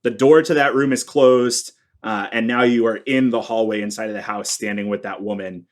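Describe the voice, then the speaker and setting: A man running a tabletop game as game master, describing scenes in a relaxed, easygoing way. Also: fairly low pitch, normal speed.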